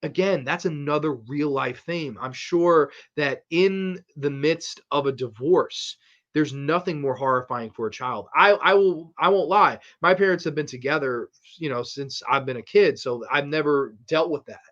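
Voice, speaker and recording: A man hosting a podcast, giving a casual horror film review in an animated, rambling, profane way. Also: on the high side, moderate pace, highs cut off. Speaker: horror movie podcast host.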